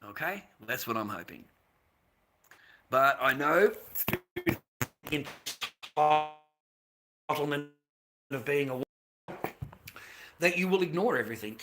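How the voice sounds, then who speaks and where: An Australian man on a live stream, rambling and confrontational, swearing freely and veering from low muttering to loud outbursts. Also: expressive, a little slow, long pauses. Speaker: livestreamer.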